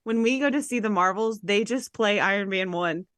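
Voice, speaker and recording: Bright-voiced chatty woman podcaster. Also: mid-range voice, moderate pace, dry recording. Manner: chatty, playful, laughing. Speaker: podcast co-host. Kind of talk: casual chat.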